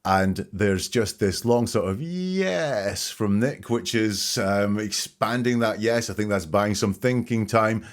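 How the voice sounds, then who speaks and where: A man hosting a podcast, calmly picking apart interview answers phrase by phrase. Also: lowish voice. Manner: measured, dissecting each phrase. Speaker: podcast host. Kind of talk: analytical commentary on interview clips.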